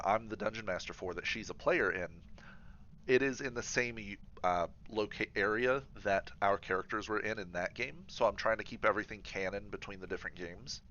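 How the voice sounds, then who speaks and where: A man's voice: lowish voice, sharp tone. A man streaming a game, chatting casually and rambling with many fillers and restarts. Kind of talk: casual chat while gaming. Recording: slightly dull livestream audio.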